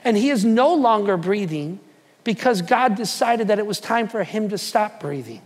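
A man preaching a sermon to a church, emphatic and repetitive, sinking into soft prayer. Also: high voice, lively intonation, moderate pace, in a large hall. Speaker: pastor. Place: church hall.

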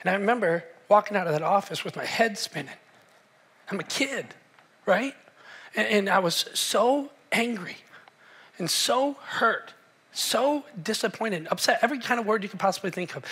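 A man's voice: sits high, bright, forceful tone. A man in his forties, a pastor giving a sermon in a church hall, telling a personal story with humor and speaking to the congregation. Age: 40s.

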